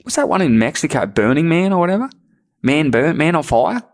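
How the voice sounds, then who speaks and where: A man's voice: on the high side, very animated, fairly quick. A man, a podcast guest, telling a prank story in casual chat, swearing often and laughing at his own tale. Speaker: guest, bodyboarder.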